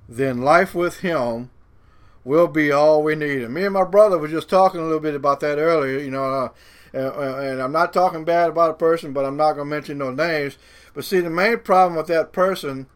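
A man with a Cajun accent delivers a sermon in a somewhat high voice. He preaches earnestly, stretching key phrases slowly and building toward fervent emphasis.

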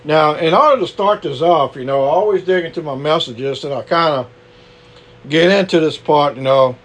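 A man's voice: fairly high pitch, normal speed. A man with a Cajun accent preaching a conversational sermon, full of asides and rhetorical questions. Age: older. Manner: conversational, frequent "you know", rhetorical questions.

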